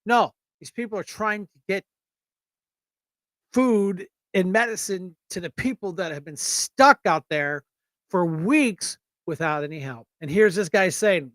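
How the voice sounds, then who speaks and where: A man's voice: high-pitched, expressive, unhurried, fairly bright tone, dry recording. A man hosting a casual political livestream, with an Erie, Pennsylvania accent, blunt and joking as he rambles. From United States. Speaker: show host.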